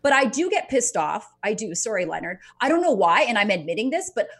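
A woman's voice: medium pitch, sing-song, brisk, fairly bright tone, breathy edge. Candid, laughing woman chatting. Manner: candid, profane, laughs often. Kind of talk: casual chat.

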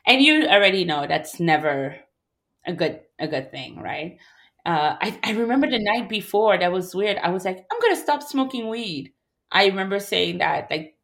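A Montreal woman in her thirties, appearing as an interview guest, shares a personal story in a lowish, slightly bright voice. She's emotional and halting, restarting sentences and acting out other people's voices.

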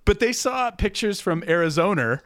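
Man, podcast co-host, casual joking chat, swears a lot, lively up-and-down voice, dry sound. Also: high voice, normal speed, no room sound. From Canada. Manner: swearing, jokey, laughs often.

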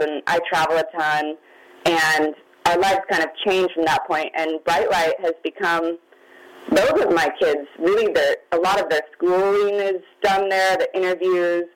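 A woman's voice: lowish voice, low-quality recording. Middle-aged woman guest, candid, emotional, holding back tears. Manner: open, candid, near tears at times. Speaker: guest, magazine founder. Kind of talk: emotional personal storytelling.

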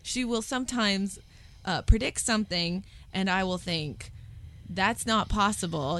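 A woman hosting a podcast, chatting casually and telling lively stories. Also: medium pitch, normal speed. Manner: chatty, excitable storytelling with laughs. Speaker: podcast host. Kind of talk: casual interview chat.

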